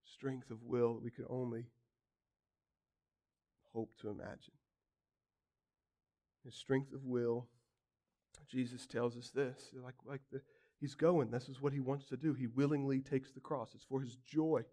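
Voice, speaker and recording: A man preaching a sermon, acting out quotes dramatically and swinging from loud outbursts to hushed lines. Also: medium pitch, steady tone, normal speed.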